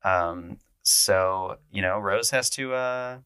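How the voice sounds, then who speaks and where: A man's voice: on the low side, slow pace, smooth, no room sound. A man casually recapping a horror film on his podcast, acting out the characters' lines. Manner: animated, acts out quotes in raised voices. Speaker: podcast host.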